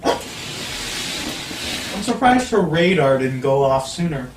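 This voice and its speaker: A woman's voice: low voice, big pitch swings, takes it slowly, over music. A young woman hosting a casual vlog with a friend, playful and giggly, slipping into sing-song teasing. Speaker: vlog host. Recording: echoey room, mic at a distance.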